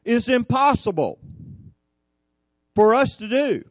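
A man's voice: very high voice, very animated, slow pace, no echo. A man preaching a folksy sermon, telling the scripture like a story and acting out the people in it. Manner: folksy, drawling storyteller who acts out the scripture. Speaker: preacher at a cowboy church.

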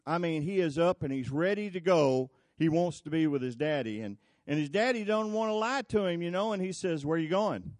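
A man's voice: fairly high pitch, animated, fairly quick, hardly any pauses, a little mellow, no room sound, studio quality. A man preaching a folksy, conversational sermon, telling stories and asking the congregation questions.

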